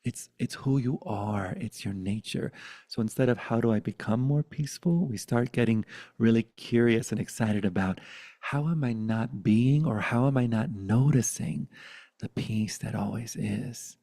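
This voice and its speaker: A man's voice: fairly low pitch, unhurried, dark tone, no echo. A man giving a satsang talk as a spiritual teacher, playful and prone to bursting into silly voices.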